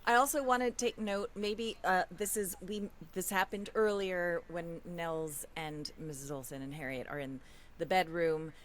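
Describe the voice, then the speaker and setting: Low-pitched woman co-host, chatty, acts out quoted lines. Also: fairly even intonation, a little slow, slight background noise. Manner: retells scenes, quoting lines in character. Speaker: podcast co-host. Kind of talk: casual chat.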